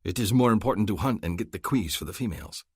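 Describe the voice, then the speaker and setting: A man narrating a romance audiobook in the first person, measured and earnest. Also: lowish voice, animated, slightly rough, no echo, clean studio sound.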